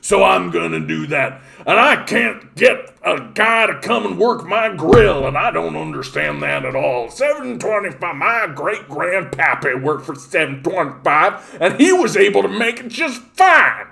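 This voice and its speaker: A man's voice: high voice, big pitch swings, a little slow, gravelly, few pauses, sharp tone, pitched above the performer's own voice, heavily acted. A man voicing a caricature of a whiny redneck male business owner in a drawling, exaggerated, mocking way.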